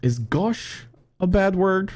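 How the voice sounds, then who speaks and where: A small, curious little girl with a high, piping voice , put on by a man retelling a story. She asks her questions in complete earnest. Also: expressive, takes it slowly, a little mellow. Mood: innocent.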